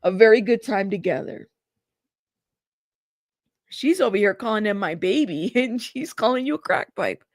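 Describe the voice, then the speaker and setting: A woman's voice: mid-range voice, animated, moderate pace, long pauses, no room sound, studio quality. A woman hosting a casual live stream, chatting, reacting to viewers and laughing. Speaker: host of live trial coverage stream.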